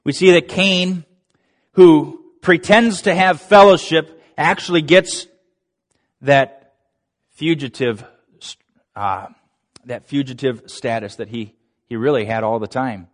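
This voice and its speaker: A male preacher giving an animated sermon, acting out quoted lines with laughing asides. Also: fairly high pitch, slow, long pauses. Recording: long reverb of a large hall.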